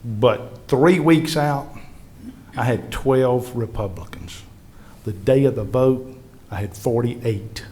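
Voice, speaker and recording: A man's voice: medium pitch, slow pace. A man, a state legislative leader telling earnest anecdotes to a history panel audience. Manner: earnest, animated storyteller acting out colleagues' words. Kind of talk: anecdotal storytelling to a live audience.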